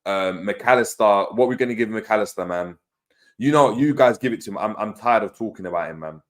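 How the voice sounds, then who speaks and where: Excitable lower-voiced male stream host. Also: brisk. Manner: excitable, laughing, reads viewer comments aloud; slangy banter with many fillers. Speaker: host of a fan live stream. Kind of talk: casual live-stream chat.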